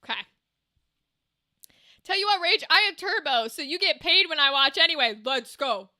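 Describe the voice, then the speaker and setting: High, bright-voiced woman streamer. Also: animated, normal speed. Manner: chatty, swears freely, laughs often. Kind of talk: casual chat with a live stream audience.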